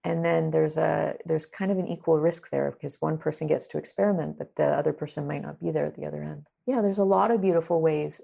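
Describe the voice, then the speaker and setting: Low gravelly Canadian woman co-host. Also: warm tone. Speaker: podcast co-host. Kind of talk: casual film discussion.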